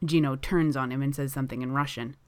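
A woman reading a story aloud in a calm, even storytelling manner. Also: very deep voice, fast, no room sound. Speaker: reader.

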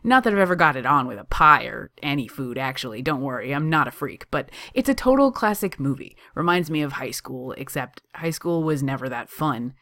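A reader voicing an excitable young man who works as a barista, eager and teasing as he talks. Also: medium pitch, brisk, hardly any pauses, dry recording, studio quality. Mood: playful. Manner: eager and teasing, laughing easily.

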